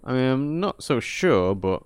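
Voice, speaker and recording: A man's voice: medium pitch, very animated, a little slow, clear, resonant tone, no echo. A man casually commentating a game with a playful, wry manner. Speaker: let's play co-host.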